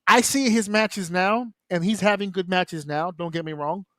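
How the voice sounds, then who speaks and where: A man on a wrestling round-table show, talking casually and bluntly, swearing freely and breaking into quick mimicry of the people he discusses. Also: high-pitched, no echo, clean studio sound. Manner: animated, profane, mimics wrestlers in quick asides. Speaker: wrestling podcast panelist.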